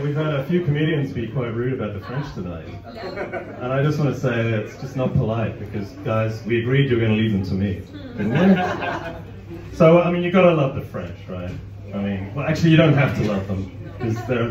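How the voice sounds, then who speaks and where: A man's voice: mid-range voice, expressive, fairly quick, crowd noise. A man performing a stand-up comedy set in a club, chatty, breaking off with apologetic asides. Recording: roomy, distant, dull audience recording. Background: audience laughter.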